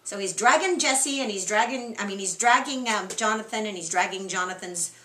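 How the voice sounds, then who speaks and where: Animated woman teaching a Bible group. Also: medium pitch, brisk, echoey room. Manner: animated, asks the group questions, reads scripture with expression. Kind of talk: interactive Bible study lesson. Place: room with a small group.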